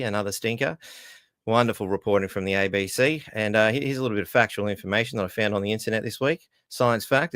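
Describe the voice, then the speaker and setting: A man's voice: lowish voice, a bit bright, no echo, clean studio sound. A man hosting a casual news-wrap stream, wry and sarcastic, swearing freely. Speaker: host. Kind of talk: casual commentary.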